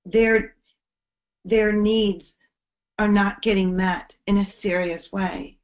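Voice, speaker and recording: A woman presenting to teachers on bullying prevention, her voice sitting at an ordinary middle pitch. She talks earnestly and from the heart. On the heaviest points her voice falls soft and low. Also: fairly even intonation, takes it slowly.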